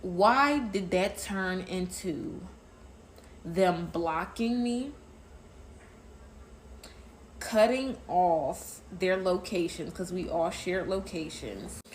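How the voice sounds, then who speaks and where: A woman's voice: on the low side, animated, very slow, pauses often, a little hiss or hum, poor audio. A woman telling a personal story in a casual, emphatic way, speaking straight to her listeners. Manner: emphatic, addresses listeners as y'all.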